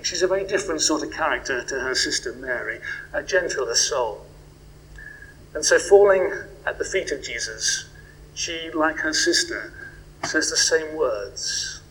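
Reflective male preacher, slightly high voice. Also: slight background noise, rough recording. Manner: reflective, with swells of emphasis and hushed questions. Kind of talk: sermon.

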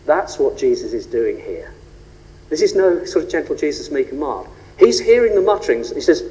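A man preaching a sermon, rhetorical and animated, rising and falling for emphasis. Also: normal speed. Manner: animated, rhetorical, shifts pitch and pace for emphasis. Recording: long reverb of a large hall.

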